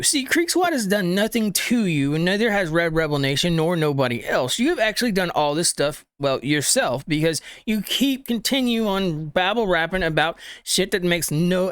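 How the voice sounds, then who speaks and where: A man's voice: high voice, lively intonation, moderate pace, hardly any pauses, fairly bright tone, clear, resonant tone, no echo, studio quality. A man hosting a reaction video who scolds the clip's speaker with rhetorical questions and informal grammar. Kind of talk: reaction commentary.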